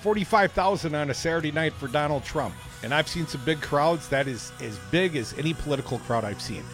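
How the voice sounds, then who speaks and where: A man's voice: on the high side, lively intonation, a little fast, a bit bright, soft background music. A man hosting a talk radio show, reading the news with sarcastic jokes. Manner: sarcastic, jokey.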